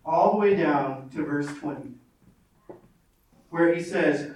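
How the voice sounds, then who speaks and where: A man's voice: on the high side, slow, pauses often, darkish tone, a little hiss or hum. A man preaching a sermon in earnest, reading scripture aloud and repeating phrases for weight. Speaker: pastor. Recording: very echoey, from far off.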